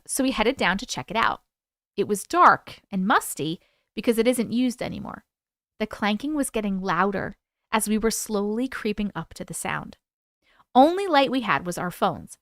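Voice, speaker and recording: A woman's voice: a little high, fairly bright tone, no room sound, studio quality. A woman in her thirties hosting a livestream, chatting playfully with viewers and reading their stories aloud. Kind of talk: casual live chat and story reading.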